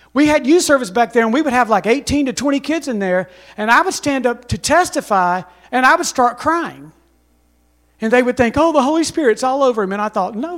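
High-voiced pastor preaching with emphasis. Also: male voice, a bit bright. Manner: emphatic, storytelling, calls for congregation responses. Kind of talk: sermon.

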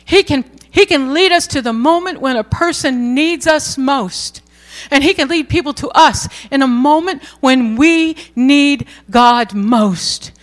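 A middle-aged woman preaching a sermon, telling a story earnestly and voicing the quoted words softly. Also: high voice, a little slow.

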